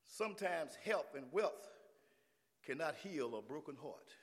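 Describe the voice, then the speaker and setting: A male pastor preaching a sermon, swinging from hushed lines to shouted refrains. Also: on the high side, expressive, measured pace, long reverb tail.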